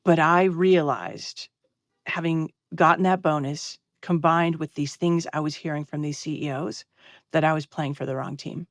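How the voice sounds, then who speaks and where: A woman's voice: low-pitched, normal speed, dry recording, clean studio sound. Earnest woman telling her story. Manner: earnest, animated retelling with quoted dialogue. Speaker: interview guest, health advocacy founder. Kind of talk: candid conversational storytelling.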